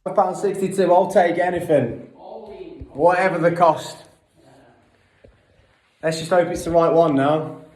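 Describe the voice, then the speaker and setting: Chatty man, higher-pitched voice. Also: steady tone, unhurried, pauses often, a little mellow. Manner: chatty, explains each repair step while working, with fillers. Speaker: car vlogger. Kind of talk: casual hands-on vlog narration.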